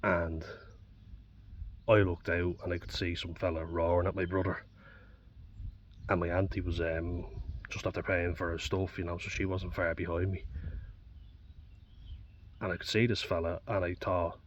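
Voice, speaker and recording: Deep flat-voiced Irish man, sweary. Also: normal speed, pauses often. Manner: blunt, sweary, candid. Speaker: vlogger. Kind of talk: personal reflective monologue. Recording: dull distant mic with faint background noise.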